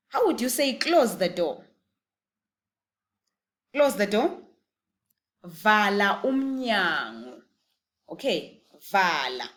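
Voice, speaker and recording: A woman with a Zimbabwean accent teaching a beginner language lesson, patiently repeating phrases slowly so learners can copy them. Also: medium pitch.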